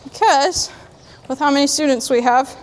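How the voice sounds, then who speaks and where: Calm woman horse trainer, slightly high voice. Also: moderate pace, a little hiss or hum. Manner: calm, plainspoken, talks to the horse in between. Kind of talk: training demonstration. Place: sandy horse arena.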